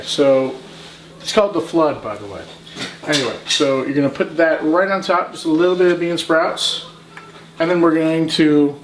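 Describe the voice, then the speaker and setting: A man's voice: on the high side, slight background noise, poor audio. A man hosting a casual cooking show, joking and hamming for the camera as he walks through each step. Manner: jokey and playful, hamming for the camera. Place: outdoor grill, then a home kitchen.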